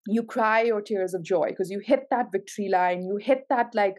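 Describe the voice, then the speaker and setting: Tarot reader, female, effusive and emotional, calls out cards with excited exclamations. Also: mid-range voice, normal speed. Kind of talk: tarot reading to camera.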